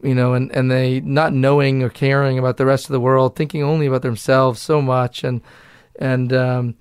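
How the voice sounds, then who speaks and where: A man's voice: medium pitch, level tone, normal speed, clear, resonant tone, no room sound, clean studio sound. A man with a Boston accent, an actor guest talking candidly and loosely in a casual interview, swearing and laughing easily.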